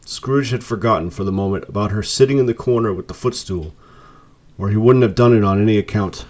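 A man reading a classic story aloud with measured, expressive storytelling. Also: on the low side. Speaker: narrator.

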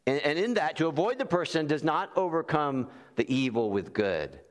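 A man's voice: on the high side, very animated, fairly quick, few pauses. A man preaching a sermon as pastor, earnest and conversational, who repeats key phrases for emphasis. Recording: long reverb in a large hall.

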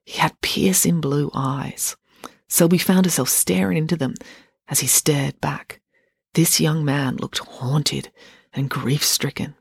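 An author giving an expressive reading of their own book in a home office, then signing off casually. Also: medium pitch, slow pace, creaky, husky, no room sound, studio quality. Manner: expressive reading, chatty sign-off. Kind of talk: audiobook-style reading. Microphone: home setup.

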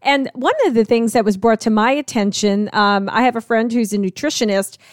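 A woman hosts an interview, slightly high-pitched, with a dry, close sound. She listens attentively, fills in with small affirmations, and poses questions with easy hesitations. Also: fairly even intonation, a little fast, no echo. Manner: attentive, many backchannels and fillers. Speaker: interview host. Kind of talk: casual interview.

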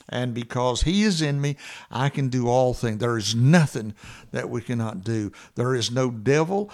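Earnest male preacher repeating scripture. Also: medium pitch. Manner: earnest, repeats key verses slowly and with rising emphasis; frequent "uh" fillers and restarts, warm conversational delivery. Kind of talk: conversational Bible teaching.

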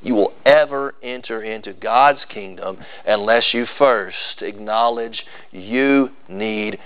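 A man's voice: fairly low pitch, slow pace, lo-fi sound. A male pastor, preaching a sermon with emphatic, building repetition.

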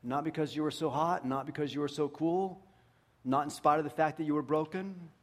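A man's voice: a little high, steady tone, a little fast. Earnest male pastor preaching a sermon. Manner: earnest, drops to a hushed voice for emphasis.

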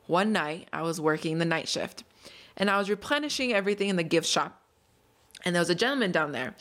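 A woman's voice: on the low side, fairly bright tone. A young adult woman hosting a solo podcast, telling a story and explaining in an earnest, upbeat, conversational way. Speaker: podcast host.

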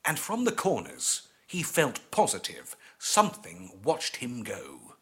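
A male narrator reads an eerie old-fashioned tale as an audiobook, with measured pacing. His middle-pitched voice rises and falls in a lively, animated way to shape the story.

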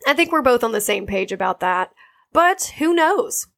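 Young woman cohosting a podcast, gravelly voice, bit high, swears a lot, super casual. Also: moderate pace. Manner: animated, swears freely, laughs a lot. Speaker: podcast co-host. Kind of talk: casual chat.

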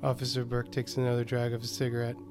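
A man tells a scripted horror story at a medium pitch, calm and even in his delivery. Soft music hums faintly underneath his voice. He sounds like the regular host of the show. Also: fast. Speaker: podcast host and narrator.

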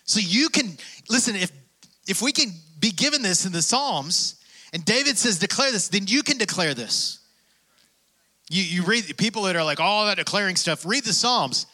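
A man's voice: sits high, animated, moderate pace, sharp tone. A man preaching a sermon, reading scripture and urging listeners on with emphatic bursts. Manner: preaching with rising emphatic bursts, calls of "come on". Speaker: pastor.

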